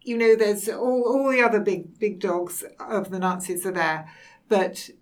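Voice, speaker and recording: A woman hosting a book discussion, pausing and searching for her words as she goes. She sits a little back from the microphone, so her voice sounds slightly distant. Her pitch sits in an ordinary middle range. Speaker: host. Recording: voice a bit off mic.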